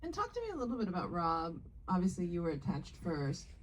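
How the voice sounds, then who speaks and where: A woman's voice: lowish voice, very animated, fast talker, slight background noise. A woman moderating a live Q&A, asking questions lightly with laughs, picked up from a distance. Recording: voice picked up from far off.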